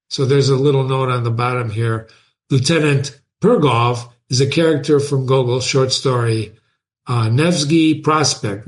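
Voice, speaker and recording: A man hosting a show, reading a novel aloud and often stopping to explain passages to his listeners. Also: medium pitch. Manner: animated, breaks off the text to explain it.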